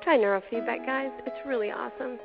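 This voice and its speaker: Older woman, host, emotional storytelling, gravelly, tinny phone-like audio. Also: on the high side, music in the background. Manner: emotional, dramatic pauses, drops to hushed tones. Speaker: show host. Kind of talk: personal storytelling.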